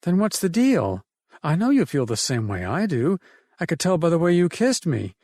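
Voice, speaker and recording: A man's voice: a little high, huge pitch swings, moderate pace, a little mellow, no echo, clean studio sound, voice pushed up, exaggerated voice. A man voicing a bold, playful woman who teases her companion in an audiobook. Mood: teasing. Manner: playful and teasing. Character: adult woman, teasing, bold, caring. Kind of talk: audiobook narration.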